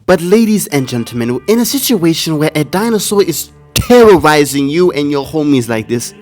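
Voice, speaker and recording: A man narrating a casual movie recap voice-over, slangy and joking, who breaks into loud outraged reactions. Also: fairly high pitch, very animated, normal speed, soft background music.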